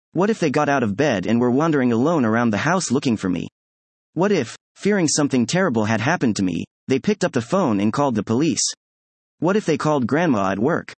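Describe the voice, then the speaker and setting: A man narrating a first-person story as an audiobook, in a measured, even storytelling way. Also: medium pitch, slightly rough, no echo.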